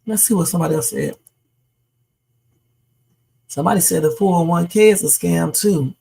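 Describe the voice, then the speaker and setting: Streamer hosting a casual news chat live; rough, husky voice, talks loosely to viewers. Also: mid-range voice, normal speed, warm tone, rough recording. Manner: chatty, reacts to news and reads viewer comments. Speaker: livestream host. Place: home streaming setup.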